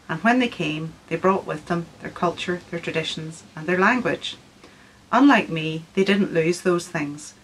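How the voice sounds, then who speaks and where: Low-voiced Scottish woman teaching art. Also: slight background noise, poor audio. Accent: Scottish with a Northern Irish lilt. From Scotland. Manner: friendly, explanatory, with frequent ums. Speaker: artist leading a workshop. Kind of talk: instructional video workshop.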